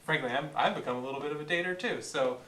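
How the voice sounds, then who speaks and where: A man's voice: on the high side, rapid-fire, a bit bright, roomy sound, far from the mic, slight background noise. A man hosting a comedic talk show, jokey and showman-like in a loose, earnest way. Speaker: host.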